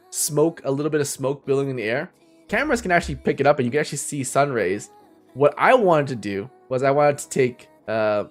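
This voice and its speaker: A man chatting casually and rambling with viewers on a live stream, laughing often. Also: a little high. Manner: rambling, giggly, talks to viewers.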